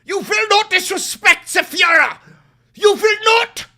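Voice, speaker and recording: A man's voice: very high-pitched, a little slow, bright, forceful tone, pitched above the performer's own voice, heavily acted. A man voicing a shrieking, fanatical male loyalist with hysterical, mock-German outbursts, mocking his hecklers in a live stream.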